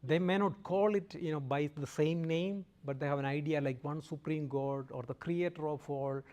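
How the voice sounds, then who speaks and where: A man with a fairly high voice gives a relaxed classroom lecture. He keeps stopping to check in with his listeners, tossing out "okay?" and the odd light joke. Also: moderate pace. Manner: jokes lightly with audience. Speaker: guest lecturer.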